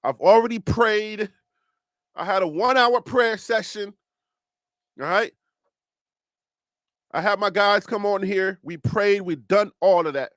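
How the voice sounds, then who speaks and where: Animated man with a Liberian accent, high voice. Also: unhurried, long pauses, no room sound. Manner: animated, laughs often, talks straight to viewers. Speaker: host. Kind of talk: casual sports talk livestream.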